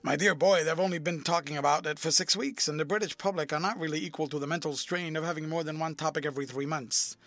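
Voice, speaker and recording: A man reading the part of a witty, cynical aristocratic gentleman with an amused, epigrammatic delivery. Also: fairly high pitch, fairly even intonation, fast talker, hardly any pauses, dry recording.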